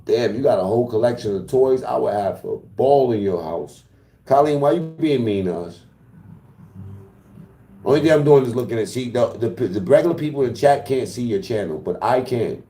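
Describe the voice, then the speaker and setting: Mellow-voiced man taunting his chat. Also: mid-range voice, expressive, normal speed, echoey room. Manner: taunting, profane, trash-talking. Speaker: livestreamer. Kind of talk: casual livestream talk to chat.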